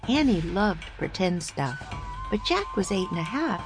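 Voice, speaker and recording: A woman, the author, reading her own children's book aloud in a gentle, expressive storytelling manner. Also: fairly low pitch, a little slow, music in the background. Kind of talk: children's audiobook narration.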